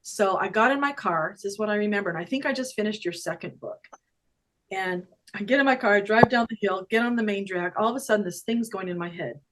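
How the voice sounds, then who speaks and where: Older woman guest, animated storyteller who laughs a lot and acts out her own quotes, video call. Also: mid-range voice, fast talker, rough recording. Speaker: guest energy healer. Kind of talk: casual personal storytelling.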